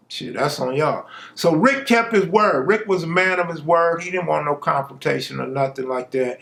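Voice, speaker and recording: A man's voice: fairly high pitch, normal speed, gravelly, few pauses, fairly bright tone. A man from Los Angeles telling a true street story in a laid-back, slangy, conversational way.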